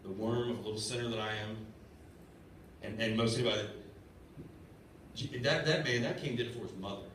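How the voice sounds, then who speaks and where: A man in his thirties, a lay preacher, delivers an earnest, conversational sermon in a lowish, slightly bright voice, talking a little fast with frequent pauses, stammers, and repeated words. He's recorded from far off in an echoey church sanctuary with faint hiss as the congregation responds.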